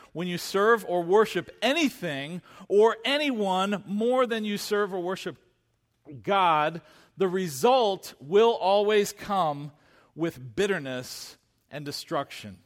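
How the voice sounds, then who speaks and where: Male pastor mid-sermon, high-pitched, emphatic, repeats for stress, reverberant sanctuary. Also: a bit bright. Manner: emphatic, repeats key phrases, slows to stress words.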